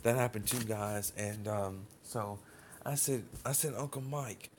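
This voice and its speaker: A man's voice: on the low side, unhurried, slight background noise. A man hosting a livestream, telling a long personal story in a loose, rambling way. He keeps calling his viewers "guys" and speaks with informal grammar and plenty of fillers. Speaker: livestream host.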